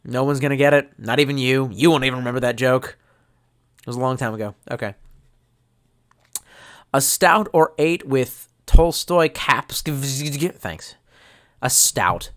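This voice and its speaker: A man's voice: medium pitch, a little slow, pauses often, a bit bright. A man, drunk, rambling and swearing as he reads out chat on a live stream. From United States. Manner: profane, rambling, mock-angry outbursts.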